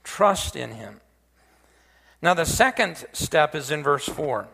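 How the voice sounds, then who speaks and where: A male preacher with a somewhat high, bright, gravelly voice delivers a folksy sermon full of asides. He backs up and restarts phrases as he goes. His voice rings out with a long reverb through a church sanctuary. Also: very animated, takes it slowly, a little hiss or hum. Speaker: pastor.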